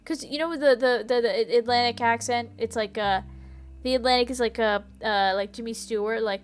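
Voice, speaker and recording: Reading a detective game's text aloud at a normal speed, a woman with a fairly high voice giggles and chats with viewers. It's casual let's-play commentary, with faint music underneath.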